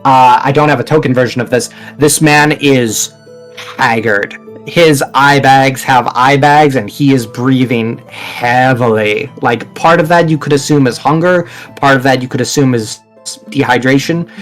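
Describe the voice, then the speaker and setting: A man narrating a tabletop game as game master, in a casual, rambling way with many fillers. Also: mid-range voice.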